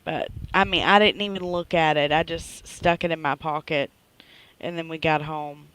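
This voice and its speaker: A woman's voice: deep voice, moderate pace, clean tone, no room sound, poor audio. Chatty woman telling a story. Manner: chatty, animated retelling with frequent "right?". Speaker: live-stream host. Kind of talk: casual storytelling chat.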